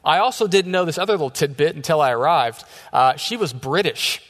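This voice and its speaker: Joking youth pastor in an echoey church. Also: male voice, on the high side, lively intonation, fairly quick, a bit bright. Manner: casual, joking storytelling. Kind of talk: sermon. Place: church sanctuary.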